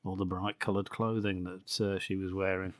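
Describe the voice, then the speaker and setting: A man's voice: deep voice, flat delivery, moderate pace, dry recording, clean studio sound. A man hosting a podcast, sarcastically recapping a bad film with frequent swearing and laughter. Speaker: podcast host.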